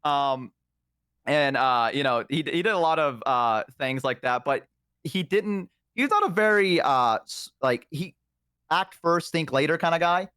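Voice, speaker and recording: A man's voice: a little high, expressive, unhurried, sharp tone, clean tone, no echo, studio quality. Rambling man talking on a stream. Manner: rambling, full of ums and uhs. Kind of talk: casual chat. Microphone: close microphone.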